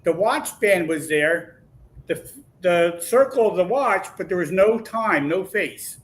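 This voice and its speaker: A man guest telling a long personal story in a lively, animated way, acting out the voices he quotes. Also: sits high, takes it slowly, low-quality recording. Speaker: podcast guest. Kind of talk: casual storytelling.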